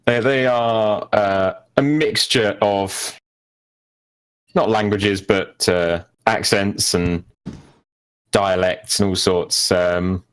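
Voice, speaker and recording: A low-voiced man narrates a tabletop game as its game master. He pauses often and fills the gaps with ums and uhs. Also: steady tone, smooth. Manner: hesitant, with many fillers.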